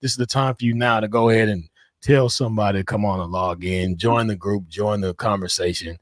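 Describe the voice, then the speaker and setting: A man hosting a podcast, running segment breaks in a smooth radio-style patter. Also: fairly low pitch, fairly even intonation, a little fast, no room sound, studio quality. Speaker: podcast host. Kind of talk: hyped show hosting.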